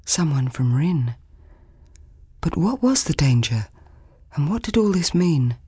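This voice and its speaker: A woman narrating a children's fantasy audiobook at a slow, measured pace. Her voice is slightly husky and expressive, recorded close on a dry studio mic. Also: low-pitched, no echo. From Australia. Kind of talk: scripted narration.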